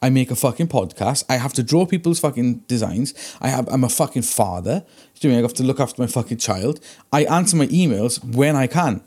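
A man, a tattooist and podcast co-host, telling stories in casual chat with lots of swearing and animated ranting. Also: medium pitch, fast talker, breathy edge.

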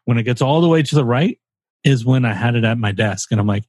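A man's voice: mid-range voice, fast, a little mellow, no room sound. A man co-hosting a casual podcast, rambling and joking with the odd swear word. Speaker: podcast co-host. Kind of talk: casual chat.

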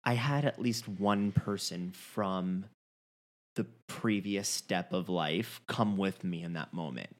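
A young man from Long Island who trained as an actor, chatting casually in a lively, animated way with frequent restarts. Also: deep voice, slow pace. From Long Island, raised in Fort Lauderdale. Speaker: actor and dialect coach. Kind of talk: casual conversation.

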